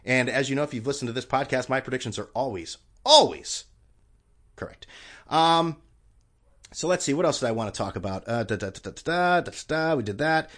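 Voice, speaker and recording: A male podcast host talking on his own in a loose, rambling rant, sarcastic and liberal with swearing. His pitch moves a lot, and his delivery is animated. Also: fast. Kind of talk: casual solo podcast rant.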